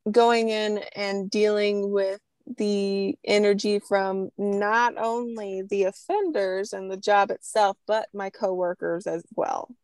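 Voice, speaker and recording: A woman talking as a guest in a relaxed interview, unhurried and drawn out in her delivery. She tells her stories with energy and laughs often. The sound is close and dry, with no room around it. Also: mid-range voice, no echo. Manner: lively storyteller, laughs often. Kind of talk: casual interview conversation.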